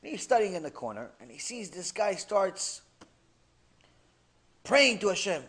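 Man, rabbi type, high voice, animated lecture storyteller. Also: moderate pace. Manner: animated storyteller, acting out characters, swings from loud to hushed. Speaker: rabbi teaching a class. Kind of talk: sermon.

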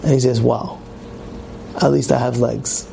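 A man, a rabbi, giving an animated sermon on the weekly portion, asking rhetorical questions and acting out voices of complaining people. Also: a little slow, gravelly, background noise. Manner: animated storytelling, acts out complaining voices in loud high shouts; repetitive, rhetorical questions to the listeners.

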